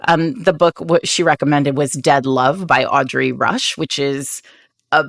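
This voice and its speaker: A woman's voice: low-pitched, a little slow, creaky, no room sound, clean studio sound. A woman co-hosting a podcast in casual chat, playful and rambling. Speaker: podcast co-host.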